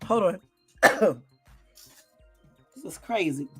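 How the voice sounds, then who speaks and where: A woman's voice: fairly low pitch, animated, extremely slow, a bit bright, breathy edge, no echo, soft background music. A woman hosting a live stream, reacting bluntly and with exasperation to news clips, repeating herself and swearing casually. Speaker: channel host.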